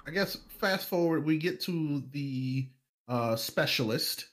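A man casually telling a personal story on a podcast, animated, acting out other people's lines and laughing often. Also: a little high, takes it slowly.

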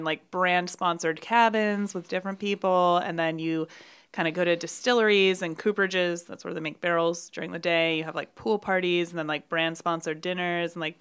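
Woman chatting easy, lots of likes and ums, smooth lowish voice. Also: moderate pace. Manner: relaxed, uses lots of fillers. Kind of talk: casual chat.

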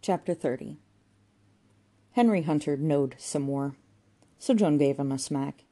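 A woman's voice: deep voice, measured pace, warm tone. A woman reading a comic novel aloud as narrator, with a dry, wry delivery. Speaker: audiobook narrator.

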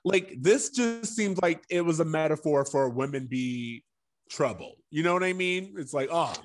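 A man's voice: a little high, lively intonation, moderate pace. A young adult man co-hosting a podcast, casual and wry, laughing often. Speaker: podcast co-host. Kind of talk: casual rewatch podcast chat.

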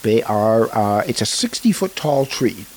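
A man's voice: on the low side, sing-song, unhurried, a little mellow, a little hiss or hum, rough recording. A man hosting a community radio show, reading announcements and chatting in a rambling way with fillers and restarts in a studio. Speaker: radio host.

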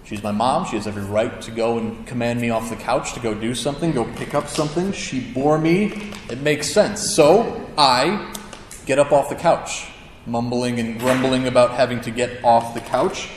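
A male pastor delivering a sermon in a relaxed, conversational way, slipping in self-deprecating jokes. His mid-range voice carries a long reverb and rings around a roomy hall, with a faint hum of ambience behind him. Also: mid-range voice, moderate pace. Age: adult with a child.

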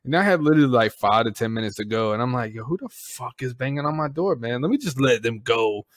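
A man hosting a podcast, telling a story in casual chat with lots of cursing and animated delivery. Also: mid-range voice, fast talker, dry recording, clean studio sound. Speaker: podcast host.

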